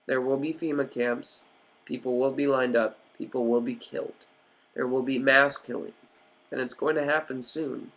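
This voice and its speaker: A man's voice: medium pitch, steady tone, moderate pace, a bit bright. A man ranting on a vlog in an agitated, profane, rambling way with many fillers. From United States. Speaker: vlogger.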